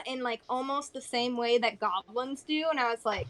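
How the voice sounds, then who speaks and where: A woman playing a tabletop game, talking in a lively, animated way in casual chat. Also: a little high, normal speed. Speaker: player.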